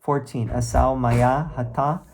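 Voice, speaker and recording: A man gives a slow, unhurried lesson from his home, chanting verses and then talking through what they mean. His pace is deliberate, with frequent pauses and repeated words as he searches for his thoughts. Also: mid-range voice, flat delivery, a little mellow, slight background noise. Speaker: teacher reading and explaining scripture. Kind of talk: informal recorded lesson, reading verses aloud. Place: room at home.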